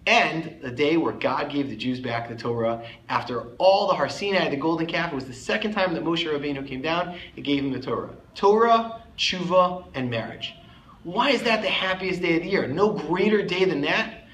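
Emphatic rabbi with a ringing voice. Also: male voice, on the high side, lively intonation, moderate pace, a bit bright, slight background noise. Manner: emphatic storyteller who lifts his voice on key words. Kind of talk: sermon. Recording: echoey room, faint ambience.

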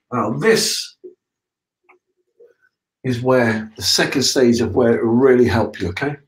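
A man's voice: medium pitch, echoey room, poor audio. A man hosting a casual live broadcast, explaining things step by step in a chatty way and checking in with listeners. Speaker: septic tank business owner hosting a live broadcast.

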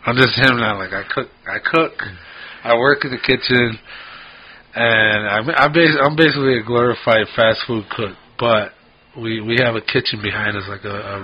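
A man's voice: medium pitch, husky. A man co-hosting a podcast, telling rambling stories in casual chat and swearing freely. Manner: profane, rambling storyteller. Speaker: podcast co-host. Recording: dull lo-fi podcast audio.

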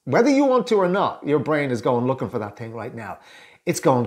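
A man's voice: mid-range voice, huge pitch swings, fairly quick, darkish tone. An Irish man, a communication coach, talking straight to camera in a chatty way and acting out both sides of everyday small talk. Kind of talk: direct-to-camera coaching tips.

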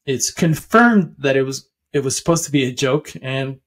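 A man's voice: mid-range voice, animated, normal speed. A young man casually explaining how stocks work, rambling with many fillers and restarts and chuckling often. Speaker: finance video host.

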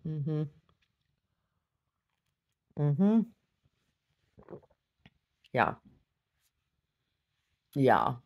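Low-voiced, weary, blunt middle-aged woman. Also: sing-song, very slow, pauses often, muffled recording. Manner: weary, blunt and profane, with wry laughs. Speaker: video diarist. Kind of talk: candid video diary monologue.

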